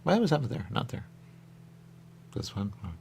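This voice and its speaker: A male radio host talks in a loose, rambling way, circling back to the same stock phrases. His voice carries a gravelly fry. His pitch swings widely from low mutters to high bursts. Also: big pitch swings, normal speed, a little mellow, a little hiss or hum. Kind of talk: loose on-air chat.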